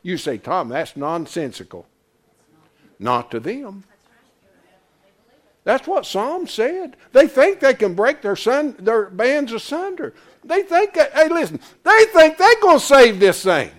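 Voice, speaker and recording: An older man preaching a folksy, emphatic sermon, swinging from loud to quiet. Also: very high voice, very animated, takes it slowly. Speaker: pastor.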